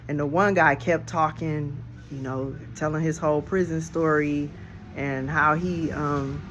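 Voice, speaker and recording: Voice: medium pitch, fairly even intonation, moderate pace, fairly bright tone, a little hiss or hum. A storyteller telling a real-life story in a casual, reflective, slangy way, recorded outdoors on a handheld phone. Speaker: storyteller vlogger. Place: outdoors on a porch. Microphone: phone held in hand.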